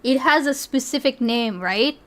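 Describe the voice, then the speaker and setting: A woman's voice: sits high, animated, a little slow, fairly bright tone. A woman streamer chatting casually as she reacts to clips, thinking aloud and swearing freely.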